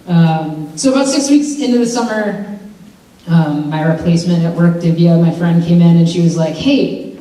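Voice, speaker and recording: A young adult woman telling a personal story to students in a lecture hall, chatty and animated with lots of fillers. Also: lowish voice. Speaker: mental health speaker. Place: large university lecture hall. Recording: very echoey hall from far off.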